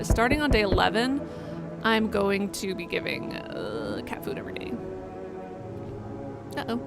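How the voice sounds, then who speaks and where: A young woman streams a horror game live, chatting loosely and exclaiming at what happens. Her voice sits at an ordinary middle pitch. Music plays clearly under her talk. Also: huge pitch swings, measured pace, long pauses. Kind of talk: casual live gameplay commentary.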